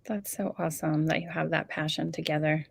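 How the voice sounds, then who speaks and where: A woman's voice: sits low, fairly even intonation, a little fast, vocal fry, husky, dry recording. Woman, co-host, friendly, jumps in with questions, dry close sound. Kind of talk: casual chat.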